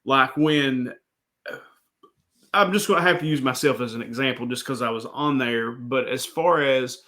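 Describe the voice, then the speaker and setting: A man's voice: medium pitch, moderate pace, pushed and bright. A man hosting a casual interview, talking enthusiastically and rambling with lots of fillers. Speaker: interview host.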